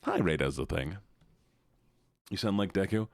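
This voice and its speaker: A man's voice: sits low, animated, a little slow, vocal fry, pauses often, no room sound, clean studio sound. A tired but playful man streaming live, greeting his chat one by one. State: a bit tired. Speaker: livestreamer.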